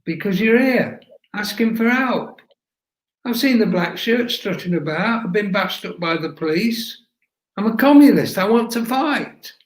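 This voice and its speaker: A man voicing an impulsive teenage boy who blusters and insists, his voice pitched well up from his own. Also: expressive, a little slow. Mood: insistent. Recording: echoey room.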